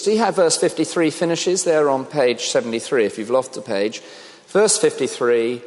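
Preacher with a lively voice in a hall. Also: male voice, medium pitch. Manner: reflective, asks the congregation questions. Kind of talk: sermon. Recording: long reverb of a large hall.

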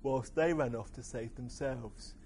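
A man's voice: medium pitch, a little slow, vocal fry, a little hiss or hum. A man reading aloud and voicing a brilliant but depressive robot who speaks dismally. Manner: dismal, flat. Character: gloomy, depressive male robot.

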